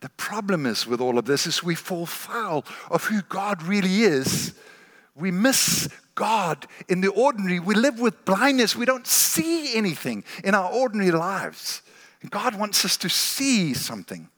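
A man's voice: sits high, very animated, measured pace, a bit bright. A man preaching a sermon as a guest speaker, earnest and often repeating words as he starts a phrase. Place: large church hall. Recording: long church hall reverb.

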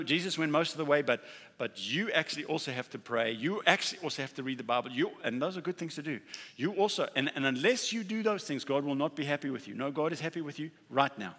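A man preaching a sermon, talking casually and emphatically, often acting out quick bits of dialogue and repeating key words. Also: fairly high pitch, pushed and bright. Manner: conversational preaching with acted-out dialogue and emphatic repetition. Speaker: pastor. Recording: reverberant hall.

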